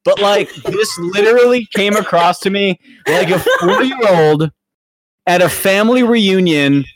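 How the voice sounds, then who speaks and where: A high-pitched man co-hosting a podcast, ranting in exasperated, swearing bursts. He keeps it casual and loose. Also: unhurried, a crowd in the background. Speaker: podcast co-host. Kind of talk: casual chat.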